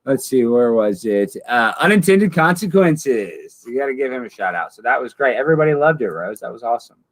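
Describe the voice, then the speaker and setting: A man hosting a comedy show over an online call, talking in a mock-earnest, deadpan way. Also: medium pitch, quick pace. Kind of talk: satirical comedy banter.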